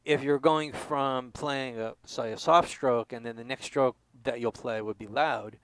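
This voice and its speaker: A man giving a drum lesson, explaining stroke types and counting beats out loud. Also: medium pitch, fairly even intonation, a little slow, dry recording, poor audio. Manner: explanatory, counts aloud with accents. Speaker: drum instructor. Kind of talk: demonstration lesson.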